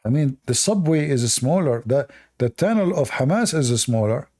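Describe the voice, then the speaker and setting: A man's voice: mid-range voice, animated, normal speed, a little mellow. A man with a non-native English accent, hosting a live debate stream with mocking, sarcastic asides. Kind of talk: casual livestream talk.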